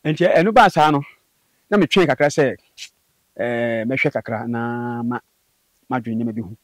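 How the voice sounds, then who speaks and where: A man recounting a personal spiritual experience as an interview guest, in animated storytelling that jumps into high bursts. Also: unhurried, no room sound. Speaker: guest telling his story. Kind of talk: personal testimony in conversation.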